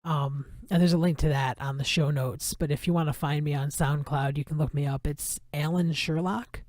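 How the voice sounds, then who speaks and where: A man's voice: a little high, moderate pace, dry recording, studio quality. A man hosting his own podcast, chatting casually and loosely with frequent ums and uhs. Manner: relaxed, many ums and uhs. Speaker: podcast host. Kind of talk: casual solo podcast chat.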